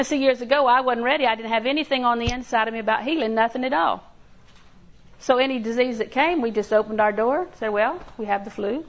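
A woman's voice: on the high side, rough recording. An older woman preaching a sermon in a folksy storytelling way, acting out little quotes and laughing along. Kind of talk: sermon with homey stories.

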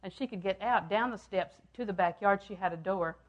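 An older woman preaching a sermon, repeating phrases for emphasis and swinging from loud, emphatic lines down to hushed ones. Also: medium pitch, fairly quick, lo-fi sound.

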